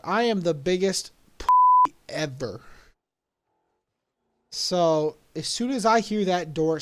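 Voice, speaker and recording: Animated young male storyteller. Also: high-pitched, slight background noise. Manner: animated, laughing at his own story. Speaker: vlogger. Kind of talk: casual storytelling.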